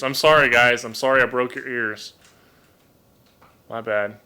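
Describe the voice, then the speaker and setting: Man, live-stream host; very bright tone, chatty, apologetic, restarts words often. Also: medium pitch, unhurried, pauses often, clean tone. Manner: chatty, apologetic, repeats words while thinking. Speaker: livestream host and toucan keeper. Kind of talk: casual live-stream chat. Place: home room. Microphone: desk microphone.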